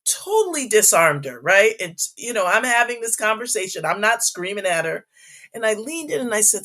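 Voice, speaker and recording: A woman's voice: medium pitch, normal speed. A middle-aged woman talks as an interview guest and tells stories from her years in schools. She keeps checking in with "right?" and briefly acts out the people in her stories. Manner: animated, frequent "right?" tags, acts out quoted voices. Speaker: guest, former school superintendent. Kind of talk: casual interview storytelling.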